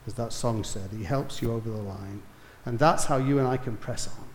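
A man preaches with a mid-range voice, telling stories that climb to loud, emphatic peaks before falling to hushed asides. His voice rings through an echoey room. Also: mid-range voice, normal speed, slight background noise. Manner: storytelling, rising to emphatic peaks then dropping soft. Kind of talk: sermon.

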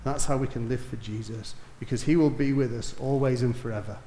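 Male preacher, mid-pitched, storytelling sermon delivery that builds and falls; roomy echoing hall sound. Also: fairly even intonation, a little fast, slight background noise. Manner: storytelling, rising to emphatic peaks then dropping soft.

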